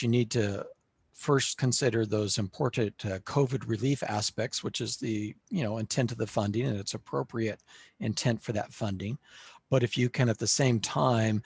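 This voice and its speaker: A man with a husky voice presents slides to a panel at a steady, measured pace, filling pauses with "uh". The sound is dry and close, with no room around it. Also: mid-range voice, no echo. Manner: measured, with frequent "uh" fillers. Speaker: panelist presenting on school facilities. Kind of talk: webinar presentation.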